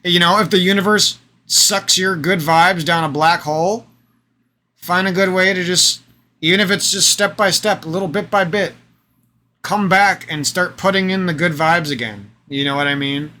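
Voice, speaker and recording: A man in a rambling, profane vlog monologue, with repeated phrases and a slightly hoarse voice. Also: high voice, moderate pace, sharp tone. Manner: profane, emphatic, repetitive, rambling. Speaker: vlogger. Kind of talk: unscripted ranting vlog monologue.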